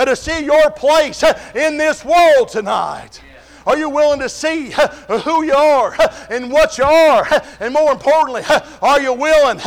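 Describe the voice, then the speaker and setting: A man preaching a sermon in a chanted rhythm, with a sharp gasp after each phrase and many "uh" fillers. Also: very high-pitched. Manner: frequent "uh" fillers and refrains of "glory to God".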